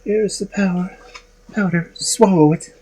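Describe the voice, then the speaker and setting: A man's voice: high voice, moderate pace, dark tone, slightly rough, voice pushed up, rough recording. A man voicing a frightened but clever young maiden in a storybook reading. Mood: nervous.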